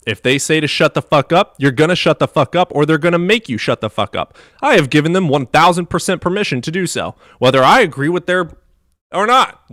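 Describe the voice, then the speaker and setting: A man from the US Midwest live streaming, chatting in a profane, animated way that swings between loud outbursts and low mutters. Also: a little fast, no room sound, studio quality. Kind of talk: casual livestream chat.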